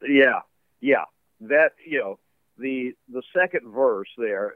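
A man's voice: medium pitch, slow, no room sound. Man, musician guest, rambling, laughing often, tinny phone sound, dry. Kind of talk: casual interview chat. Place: home basement studio.

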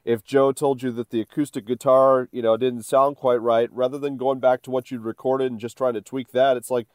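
A man's voice: medium pitch, little pitch movement, a little fast, darkish tone, no echo. Male interviewer, casual, long rambling questions, dry close sound.

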